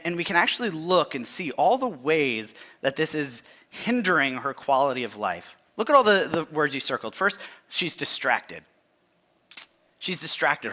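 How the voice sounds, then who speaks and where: Animated, bright-voiced man preaching casually. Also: on the high side. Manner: conversational, halting restarts, asks listeners to mark the text. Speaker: pastor. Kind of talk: sermon.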